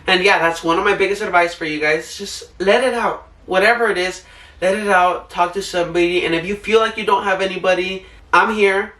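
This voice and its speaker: A young man gives heartfelt advice in a rambling, earnest way with lots of "like" fillers. His voice sits high and sounds bright. The room is echoey and the mic is a little far off. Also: steady tone, fairly quick. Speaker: vlogger. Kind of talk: casual heartfelt advice talk.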